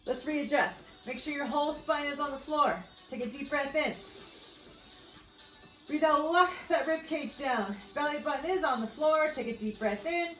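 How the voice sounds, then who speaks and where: A woman's voice: sits high, normal speed, fairly bright tone, echoey room, soft background music, poor audio. Upbeat woman coaching a workout. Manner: upbeat, cheering with whoops, shaky while exercising along. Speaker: fitness coach. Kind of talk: workout instruction.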